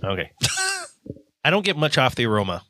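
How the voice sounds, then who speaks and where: Animated, bright-voiced man chatting on a podcast. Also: medium pitch, moderate pace. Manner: laid-back, chuckling. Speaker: podcast co-host. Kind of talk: casual podcast chat.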